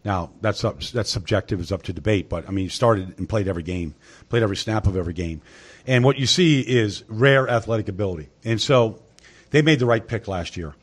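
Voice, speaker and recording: A man's voice: lowish voice, a little fast. A man talking through football tactics in a casual sports discussion, explaining at length and leaning on "I mean" as he goes. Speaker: football analyst.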